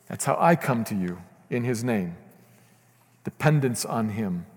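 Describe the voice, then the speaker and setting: A man's voice: fairly low pitch, animated, unhurried. A man preaching a sermon as pastor, earnest and building to fervent emphasis. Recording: long reverb of a church hall.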